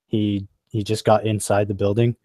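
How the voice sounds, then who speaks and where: A man's voice: on the low side, flat delivery, normal speed, mellow, no echo. A man narrating as game master of a tabletop game, describing scenes unhurriedly with fillers.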